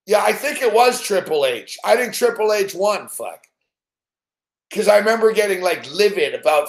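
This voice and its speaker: A man's voice: high-pitched, moderate pace, reverberant. A man hosting a sports betting show, ranting profanely and animatedly on a live stream. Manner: swears constantly, animated, acts out scenes.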